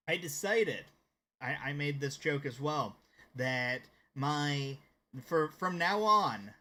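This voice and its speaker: A man's voice: medium pitch, bright, forceful tone. An American man with a slight Southern accent who streams games and chats casually with his viewers. He rambles and hesitates as he talks. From United States. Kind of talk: casual live-stream chat.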